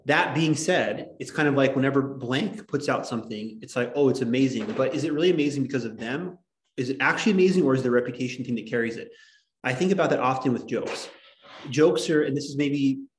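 Rambling male teacher in an echoey classroom. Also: mid-range voice. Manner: rambling, digressive, many filler likes. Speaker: history teacher. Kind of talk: classroom lecture.

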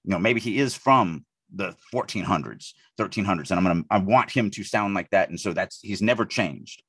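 A man from the Deep South, co-hosting a podcast and talking through writing edits in an animated way, often restarting his sentences. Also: fairly quick, slightly rough, no echo. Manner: animated, thinks aloud with frequent restarts. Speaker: podcast co-host, writing editor. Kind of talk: casual podcast discussion.

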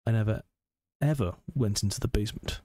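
A man's voice: lowish voice, a little fast, warm tone, slight background noise. A man commentating a horror let's play, nervously narrating his every move to himself. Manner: jumpy, self-narrating, talking himself through scares. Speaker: gaming channel host.

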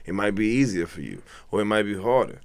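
A young adult man, a comedian co-hosting a podcast, talking in casual banter with profane, preachy rants that jump into high yelps. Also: expressive, fast talker, dry recording.

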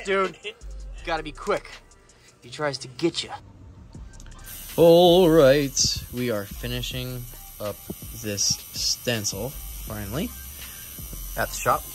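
Speaking slowly with frequent pauses, a man with a fairly high voice narrates a casual vlog over faint background music. He tattoos and keeps reptiles, and he's lively as he describes feeding them and talks to his animals directly.

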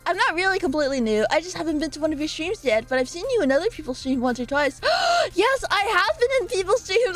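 High-voiced giggly young woman streamer. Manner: giggly, playful, rambling. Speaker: live streamer. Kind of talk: casual live-stream chat. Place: her own room.

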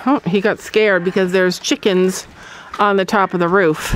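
A woman's voice: medium pitch, normal speed. A woman hosting a farm vlog, chatting playfully with children outdoors and laughing often. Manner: lively, playful, laughs often, explains things simply. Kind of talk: casual chat with children. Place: outdoors on a farm among animals. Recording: outdoor farm recording with noise.

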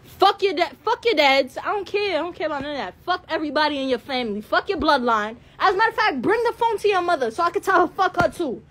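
Teen woman, late teens, high and wildly animated, trading insults on a phone live. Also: quick pace, few pauses. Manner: heated, profane, insulting. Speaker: livestreamer. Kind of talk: angry livestream rant.

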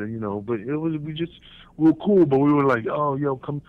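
A man, a former pro wrestler, telling backstage stories in a casual interview, animated and profane, acting out what others said. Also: fairly high pitch, brisk, a little hiss or hum. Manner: animated, profane, acts out quotes in raised voices. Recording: tinny phone line, dry.

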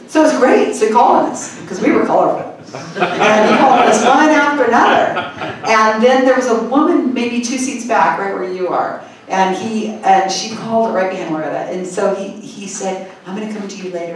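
A woman speaker at a conference, telling an animated story and mimicking people in high squeaky voices, laughing often. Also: normal speed. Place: conference hall. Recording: echoey hall, mic far off, faint room hum.

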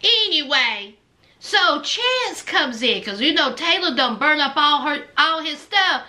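Sassy high-voiced woman recapping TV. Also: animated, slow, pushed and bright. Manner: sassy, teasing, talks straight to viewers. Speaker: reality TV recap host. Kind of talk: reality TV recap commentary.

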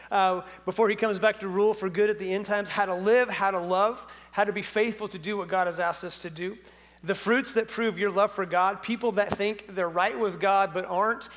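A male pastor with a high voice preaching in a lively, animated way. He tells stories with jokes and bursts of emphasis. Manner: animated, jokey storytelling preacher. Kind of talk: sermon.

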